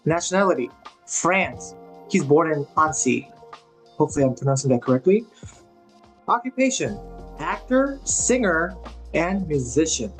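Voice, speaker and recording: A man's voice: a little high, lively intonation, moderate pace, pauses often, faint music behind. A man co-hosting a podcast, easygoing and reading items out in a list. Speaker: podcast co-host. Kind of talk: casual podcast chat.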